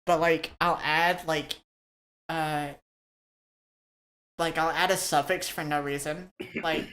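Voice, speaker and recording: A woman's voice: low voice, flat delivery, slow, fairly bright tone. A woman hosting a podcast, chatting casually, rambling with lots of restarts and swearing. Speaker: podcast host.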